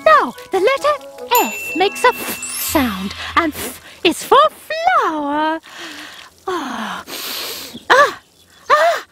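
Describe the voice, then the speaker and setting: Very high-voiced woman presenting children's TV. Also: wildly swooping pitch, very slow, pushed and bright, faint music behind.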